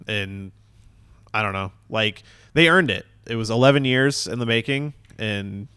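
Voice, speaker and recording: Laid-back podcast host, smooth dry voice. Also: male voice, fairly low pitch, unhurried, pushed and bright, dry recording. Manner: rambling, laughs often. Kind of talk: casual chat.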